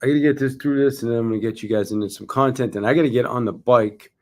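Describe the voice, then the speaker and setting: A man's voice: medium pitch, fairly even intonation, fast talker, darkish tone. A man in his forties, a sales coach, rehearsing the opening of a talk and breaking off to comment on how it went. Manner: restarts lines and comments on own delivery. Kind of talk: rehearsing a talk, casual livestream.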